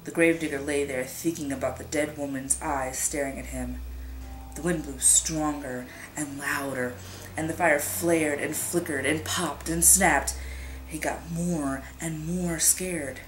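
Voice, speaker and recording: Lady with a lowish voice reading a creepy story, hushed whispery sound effects, echoey room, music playing. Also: fairly even intonation, unhurried, slight background noise. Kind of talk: scary story read aloud.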